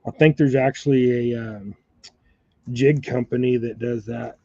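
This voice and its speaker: A man with a gravelly voice chats casually while tying jigs at his bench indoors, rambling along and laughing often. The recording is dull and lo-fi and completely dry, with no room echo. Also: medium pitch, steady tone, measured pace, warm tone. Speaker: fly and jig tier, channel host. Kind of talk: casual tying demonstration chat.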